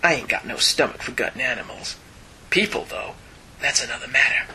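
A man reading a gruff tough male hero's hard-boiled inner monologue in a hushed, low, growly half-whisper. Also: brisk, slight background noise, rough recording. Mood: menacing, hushed. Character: gruff tough male loner mutant hero.

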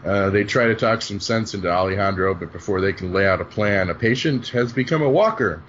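A man with a lowish, slightly bright voice talks fairly quickly as he hosts a laid-back podcast recap, cracking jokes, swearing, and laughing often while going over the plot. The recording is dull and lo-fi with faint hiss.

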